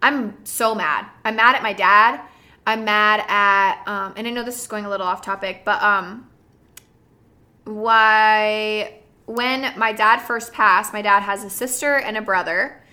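A young woman hosting a podcast in casual chat, animated, shifting between soft talk and loud bursts, laughing often. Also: mid-range voice, unhurried. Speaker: podcast host.

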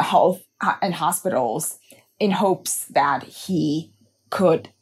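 A woman's voice: low-pitched, darkish tone, slightly rough. A woman guest in an interview, speaking in an earnest, reflective way. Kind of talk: personal account in an interview.

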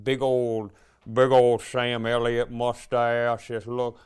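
Male comedian co-host, smooth resonant voice, rambling storyteller. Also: medium pitch, completely flat delivery, slow, darkish tone. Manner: rambling anecdotes with quoted voices. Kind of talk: casual storytelling chat.

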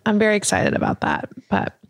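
A woman hosting a podcast, talking in a chatty, open way with a lot of "like". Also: brisk. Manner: chatty and open, heavy use of "like". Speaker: podcast host. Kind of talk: casual podcast chat.

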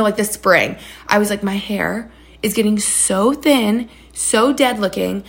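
A woman's voice: mid-range voice, gravelly. A woman in her thirties hosting a podcast in casual, bubbly chat, gushing and full of fillers. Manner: bubbly, chatty, gushing, lots of "like" and "oh my gosh". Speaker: podcast host.

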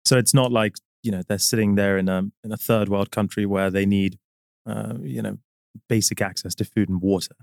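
A man with a British accent talks on a podcast, his voice sitting low and close to a dry microphone. He tells his stories in a measured, reflective way, pausing often and softening points with fillers. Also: fairly even intonation, gravelly, no echo. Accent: British English. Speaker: guest, business executive. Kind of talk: casual interview chat.

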